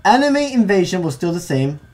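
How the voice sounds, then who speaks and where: A man co-hosting a podcast in casual chat, excitable and tripping over his words. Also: sits high, a little fast. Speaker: podcast co-host.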